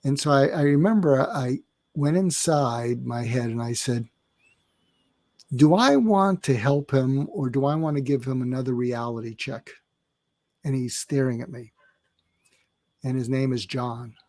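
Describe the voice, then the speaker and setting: A man's voice: mid-range voice, measured pace, pauses often, darkish tone, dry recording. Older man telling meandering stories. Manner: meandering, filler-heavy, acts out quoted dialogue. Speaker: guest psychiatrist. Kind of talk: storytelling in a podcast interview.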